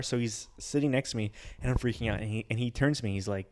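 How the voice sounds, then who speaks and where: A young man co-hosting a podcast, telling a story in a rambling, animated way and acting out other people's lines. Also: lowish voice, fast talker. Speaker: podcast co-host. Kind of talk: casual storytelling chat.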